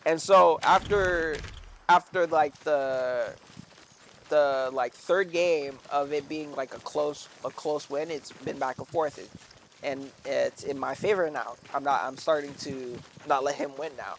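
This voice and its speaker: Taking his time, a man with a somewhat high voice chats while streaming a game, with slight background noise present. His storytelling is casual and rambling, packed with "like" and "right?" tags.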